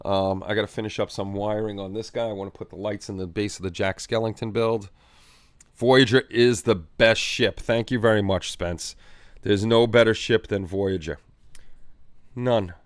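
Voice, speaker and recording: A man's voice: fairly low pitch, fairly even intonation, moderate pace, no room sound, studio quality. A man hosting a livestream, chatting casually and reading viewer comments in a rambling, easygoing way with repeated phrases. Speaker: livestream host. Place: home hobby room.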